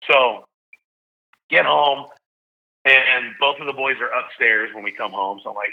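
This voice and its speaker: Lively storytelling man, muffled audio. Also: mid-range voice, a little slow, gravelly, pauses often. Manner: animated, shouts when reliving big moments. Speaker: guest, stadium PA announcer. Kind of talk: emotional storytelling in a podcast chat. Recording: slightly dull lo-fi sound.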